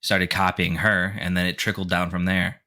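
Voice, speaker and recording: A man's voice: low voice, little pitch movement, normal speed, bright, forceful tone. An American man hosting a casual podcast chat, blunt and opinionated with plenty of swearing.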